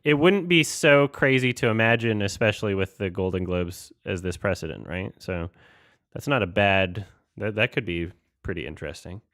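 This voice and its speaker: Low-voiced man hosting a casual chat. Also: expressive, normal speed, fairly bright tone, dry recording, studio quality. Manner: thinks aloud, scrolling and reading out award results. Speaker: host.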